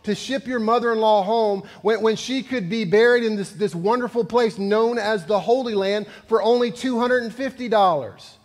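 Pushy, incredulous male undertaker, put on by a preacher; raised pitch, long reverb. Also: moderate pace, few pauses, lightly acted. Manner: incredulous, pressing.

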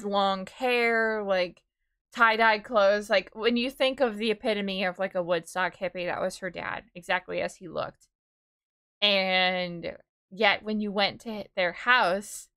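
A woman's voice: mid-range voice, fairly bright tone. A woman in her twenties, chatting casually with her viewers on a live stream. She rambles as she talks, with lots of "like" and "dude".

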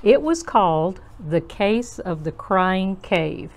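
Woman reading a children's storybook slowly. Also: medium pitch. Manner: slow, gentle, expressive reading. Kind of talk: storybook read-aloud.

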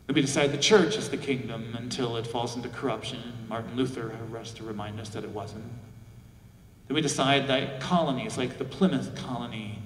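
A man's voice: mid-range voice, a little hiss or hum. A male pastor preaching a sermon, reflective, with rhetorical questions. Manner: reflective, asks rhetorical questions, acts out quoted voices. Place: large church sanctuary. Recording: echoey church hall from far off.

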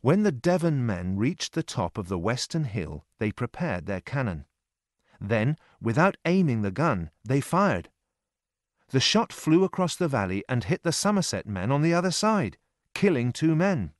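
A male narrator reads a storybook aloud in a steady, clear voice at a middle pitch. The sound is dry and close, with no room around it. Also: moderate pace, no echo. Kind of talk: audiobook reading for English learners.

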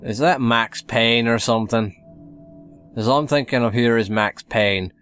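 Slow, wry male let's-play commentator. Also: mid-range voice, fairly bright tone, smooth, faint music behind. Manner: rambling, wry asides. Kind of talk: casual gameplay commentary.

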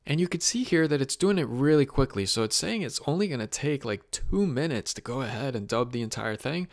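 Man casually walking through a software tutorial. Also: mid-range voice, a little fast, dry recording, studio quality. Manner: relaxed, chatty step-by-step explaining. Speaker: tutorial host.

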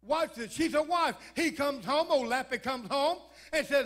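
A man preacher telling a lively, joking story in a humorous sermon at church. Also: very high voice, moderate pace.

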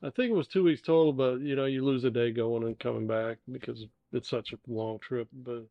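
An older American man, the father and co-host, chats casually on a podcast from an indoor dining room, drifting through travel stories full of "you know" and "uh." His middle-pitched voice is gravelly and brisk with fairly even intonation, and the recording is dry, a little dull, and free of room sound.

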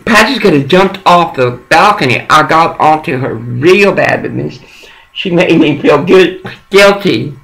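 A middle-aged man with a gravelly, fry-laden voice pitched a bit high for a man. He rambles through a one-sided phone call in a coaxing, profane way. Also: animated, measured pace, a bit bright. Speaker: caller.

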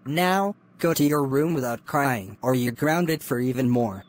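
A man's voice: medium pitch, unhurried, slight background noise, natural voice. A man voicing Blue Dinosaur, a strict father dinosaur who scolds and lays down rules. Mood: stern. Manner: stern, scolding.

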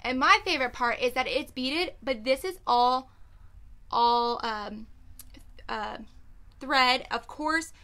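A young woman chats through a live jewelry sale, high and bright in pitch. She sounds bubbly and laid back and fills her talk with ums and likes. Her speech stays casual and friendly to viewers. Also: slow pace, pauses often. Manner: chatty, bubbly, laid back, lots of fillers. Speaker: online boutique host selling jewelry. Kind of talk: live sales video, casual chat.

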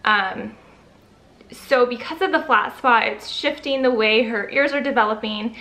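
Young woman, vlogger, casual chat, bright tone, slightly high voice, filler-heavy, emotional. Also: a little slow. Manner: chatty, lots of fillers, gets emotional and teary. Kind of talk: casual vlog update.

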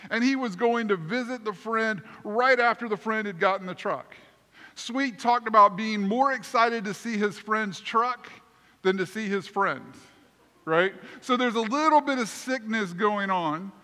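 A male pastor delivers his sermon in a high, bright voice that carries long reverb through the church sanctuary. He tells his story with animated energy and pokes fun at himself. The delivery is warm-hearted storytelling from the pulpit. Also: measured pace. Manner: animated, self-deprecating storyteller.

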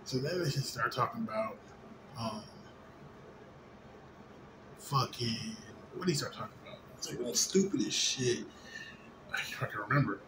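A man's voice: mid-range voice, lively intonation, measured pace, long pauses. A slightly drunk man in a rambling, profane late-night monologue, full of fillers and restarts. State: a little drunk. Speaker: vlogger. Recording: noisy ambience behind voice.

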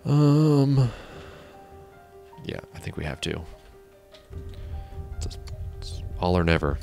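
Deep gravelly man narrating his gameplay. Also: very animated, takes it slowly, dark tone, faint music behind. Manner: muttering to himself, exasperated at game characters. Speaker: gameplay commentator. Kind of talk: casual let's-play commentary. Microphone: desk mic on a stand.

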